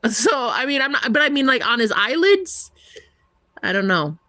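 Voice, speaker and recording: A woman's voice: fairly high pitch, sing-song, normal speed, sharp tone, no echo, clean studio sound. A young American woman, a tarot reader, chatting casually and giggling with her live viewers, rambling with lots of "like". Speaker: tarot reader livestream host.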